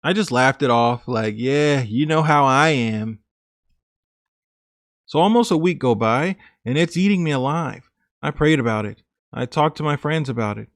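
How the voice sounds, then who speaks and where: A man's voice: medium pitch, expressive, moderate pace, dry recording, clean studio sound. A man narrating a woman's confessional true story in the first person, in an earnest, plain scripted reading.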